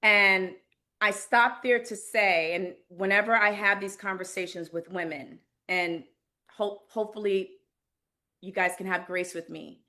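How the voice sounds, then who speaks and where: A woman in her forties, a guest on an interview show, tells a personal story in a bright, forceful voice. She speaks candidly and with feeling, often pausing and filling gaps with ums. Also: medium pitch, steady tone. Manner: candid and emotional, with many pauses and fillers. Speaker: podcast guest.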